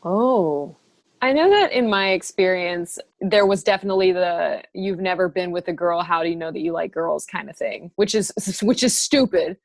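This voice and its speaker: A young woman guest in casual chat, playful and quick to agree and laugh along. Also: fairly low pitch, no room sound.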